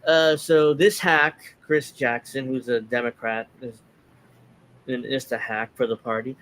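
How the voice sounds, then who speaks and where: A man's voice: medium pitch, fairly even intonation, a little slow, a bit bright, a little hiss or hum. A man hosting a casual political talk show, reading posts aloud in a mocking tone and commenting sarcastically. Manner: sarcastic, reads tweets aloud in mocking voices. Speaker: podcast host.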